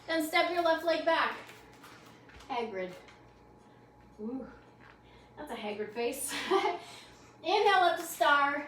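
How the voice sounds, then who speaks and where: A yoga instructor with a high, fairly bright voice and lively intonation leads a class in a library program room, offering fast, cheerful encouragement while slightly out of breath. The mic sits some distance away in the echoey room, and a faint hum runs underneath.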